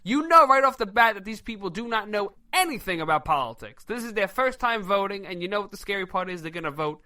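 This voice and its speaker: Brash loud man with a Brooklyn accent. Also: sits high, quick pace. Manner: brash, excitable, ranting. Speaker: comedy talk show co-host. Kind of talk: loud satirical talk show banter.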